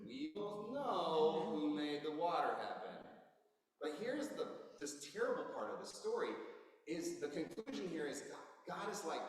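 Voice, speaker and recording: Male pastor, sermon, lively pitch, casual storytelling, distant mic, long hall reverb. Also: a little slow. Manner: animated storytelling, retells scripture in casual modern speech. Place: church sanctuary. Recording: roomy echo from far off.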